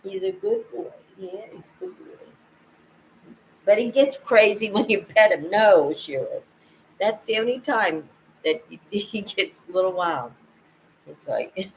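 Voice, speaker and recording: An older woman talking casually to camera at home, rambling and halting, with frequent laughs. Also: on the low side, a little hiss or hum, low-quality recording. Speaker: vlogger. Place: at home, indoors.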